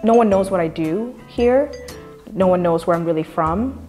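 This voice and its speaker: A woman speaking earnestly and deliberately in a documentary interview. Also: on the low side, lively intonation, mellow, faint music behind.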